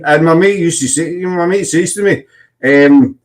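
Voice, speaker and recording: A podcast host from Scotland, speaking with a Scottish accent, leads a casual chat and tells rambling stories packed with fillers and restarts. His voice is fairly high in pitch and moves at a moderate pace.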